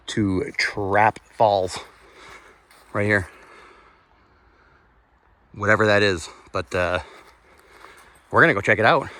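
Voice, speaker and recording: A man's voice: on the low side, sharp tone. A man narrating a walking vlog outdoors on his phone, exclaiming in awe, now and then swearing and out of breath. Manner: exclaiming, awestruck, swears, talks to viewers. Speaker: vlogger exploring old bridges. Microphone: phone camera.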